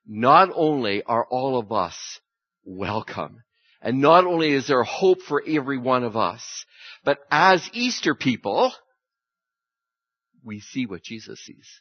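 A man preaches an Easter sermon, acting out the people in his stories with sudden pitch jumps. His voice is slightly husky and lively in pitch. The recording is dry and muffled. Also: dry recording. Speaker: pastor.

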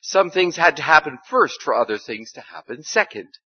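A man reading a story aloud in a church service, with expressive, dramatic delivery. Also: fairly high pitch, normal speed, slightly rough, dry recording. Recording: slightly dull, dry recording.

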